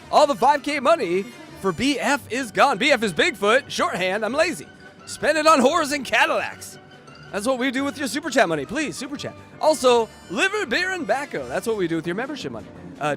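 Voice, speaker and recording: A man's voice: very high-pitched, very animated, brisk, sharp tone, faint music behind. A man hosting a comedy podcast, laughing often and mocking himself as he cracks crude jokes. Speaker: podcast host. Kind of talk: casual comedic chat.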